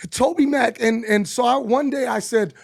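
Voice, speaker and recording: A middle-aged man, telling a story as an interview guest, animated and swearing as he acts out quotes. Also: very high-pitched, moderate pace, gravelly, no room sound, clean studio sound. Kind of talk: casual storytelling.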